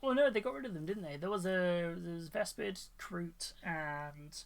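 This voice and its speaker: Chatty man, fairly high voice. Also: moderate pace, vocal fry. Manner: enthusiastic, rambling, many fillers and restarts. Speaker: livestream host. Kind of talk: casual chat reacting to viewers' miniatures.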